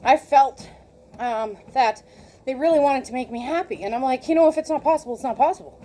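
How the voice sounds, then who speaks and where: A woman in her late forties telling a personal story in a casual, animated way, laughing often and acting out the conversations she recounts. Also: high-pitched, fairly quick, slight background noise. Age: 40s. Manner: animated, laughs often, acts out quoted exchanges. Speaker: vlogger.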